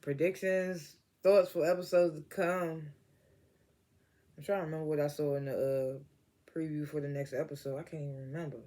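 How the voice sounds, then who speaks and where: A man's voice: on the high side, level tone, normal speed, warm tone. A man casually recapping a TV episode, laughing often and acting out the characters' lines, and he says he is stoned. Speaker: TV episode reviewer.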